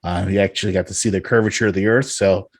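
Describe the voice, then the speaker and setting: A man's voice: sits low, fairly even intonation, fast talker, a little hiss or hum. A man hosting a casual podcast chat, rambling with many fillers and restarts, laughing often. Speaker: podcast host.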